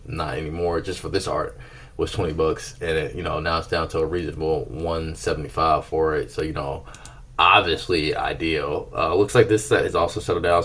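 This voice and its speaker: A man hosting a casual vlog, giving a laid-back, playful rundown of trading card prices. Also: very deep voice. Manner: laid-back, playful, breaks into silly singsong. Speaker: channel host reviewing card prices.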